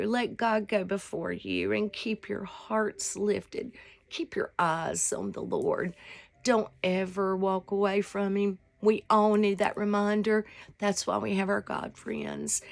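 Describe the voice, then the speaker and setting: Gravelly-voiced woman in her sixties. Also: medium pitch, a little slow. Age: 60s. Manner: rambling, heartfelt, with fillers. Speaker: vlog host. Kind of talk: casual devotional talk.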